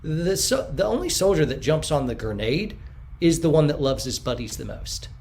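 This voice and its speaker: A man in an interview who answers at length and acts out the quotes he tells, sometimes bursting out loudly. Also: fairly high pitch, sing-song, normal speed, creaky. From United States. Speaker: podcast guest.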